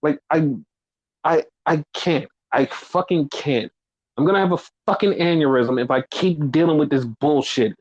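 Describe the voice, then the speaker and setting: A man's voice: a little high, normal speed, highs cut off. A man co-hosting a wrestling podcast, ranting with heavy swearing and exasperation, mocking fans in quoted voices. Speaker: podcast co-host.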